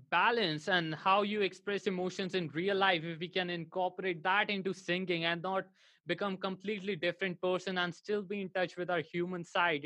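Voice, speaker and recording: A man's voice: high-pitched, sharp tone, no room sound. A man from India interviewing a singing teacher, agreeing and asking questions. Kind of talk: conversational interview over a call.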